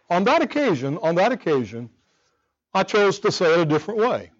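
Casting: a man preaching a sermon, pitched a bit high, earnest and conversational, dull lo-fi recording. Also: moderate pace. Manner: animated, conversational preaching with quiet earnest stretches. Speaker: pastor.

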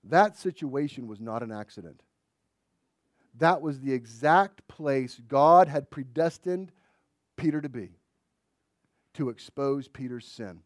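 A man preaching a sermon in a dramatic way, dropping to a hush and then rising to loud emphasis. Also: medium pitch, animated, takes it slowly, long pauses, no echo, clean studio sound.

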